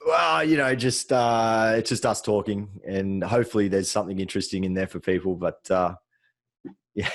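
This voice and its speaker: A man's voice: fairly low pitch, moderate pace, no room sound. A man with an Australian accent co-hosting a casual podcast, talking in an easygoing, rambling way with plenty of ums. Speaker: podcast co-host, soft tissue therapist. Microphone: remote call, separate mics.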